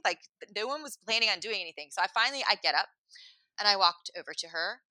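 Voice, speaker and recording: A woman casually telling a comic story in an animated, rambling way, full of "like" and acted-out quotes. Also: mid-range voice, fast talker, dry recording.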